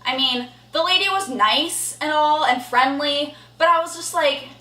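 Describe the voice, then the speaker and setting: A woman's voice: high voice, a little slow, bright, forceful tone, distant mic. A young woman vlogging an indignant storytime rant, blunt and swearing freely. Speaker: horse vlogger. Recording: echoey room, voice a bit off-mic.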